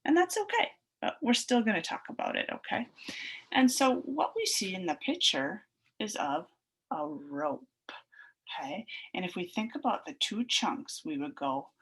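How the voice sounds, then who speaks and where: A woman teacher giving a recorded phonics lesson for young children, slowly sounding out word chunks in a sing-song way. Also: medium pitch, a little hiss or hum. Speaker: elementary school teacher.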